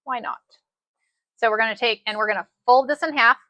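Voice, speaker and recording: A woman giving a casual sewing machine demonstration, chatty and excitable, repeating her phrases as she works. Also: a little high, brisk, no room sound. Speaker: sewing instructor.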